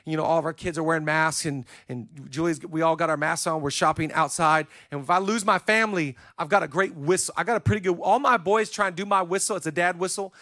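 A man in his thirties preaching a sermon from a church stage on a handheld microphone, building lists and repeating words as he climbs to shouted emphasis. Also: a little high, fast, hardly any pauses, no room sound, clean studio sound. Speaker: pastor.

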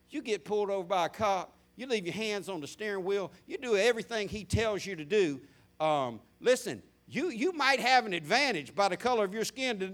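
An older man from Florida, preaching a sermon. He tells folksy stories and swings from loud to hushed. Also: high-pitched. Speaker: pastor.

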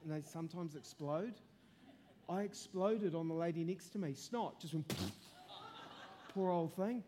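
A man preaching a testimony sermon, telling his story earnestly and building to impassioned shouting. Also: a little high, measured pace, noisy background.

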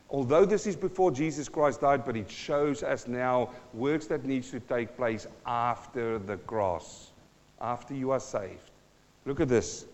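A man preaching a sermon, emphatic with big swings in loudness and pitch and wry, teasing asides. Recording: long hall reverb, dull lo-fi sound.

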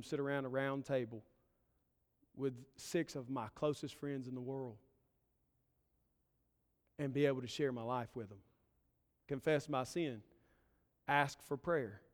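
A man's voice: medium pitch, smooth. A man preaching a sermon as pastor, earnest and building his points in short emphatic phrases. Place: church sanctuary. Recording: long reverb of a church hall.

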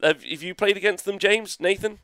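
A man's voice: high-pitched, brisk, a bit bright, smooth, no echo. A man co-hosting a podcast in casual chat, enthusiastic and rambling, laughing often and swearing casually. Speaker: podcast co-host.

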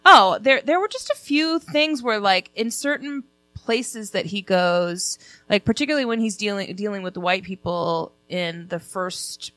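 A woman's voice: mid-range voice, expressive, unhurried, hardly any pauses, a bit bright, no room sound. Woman in a casual book discussion, hesitant delivery full of fillers, dry sound. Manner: hesitant, lots of fillers and restarts. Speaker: book club member.

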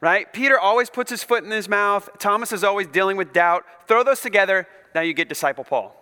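A man preaching a sermon as pastor, in an animated, conversational, emphatic manner. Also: sits high, brisk, smooth, in a large hall.

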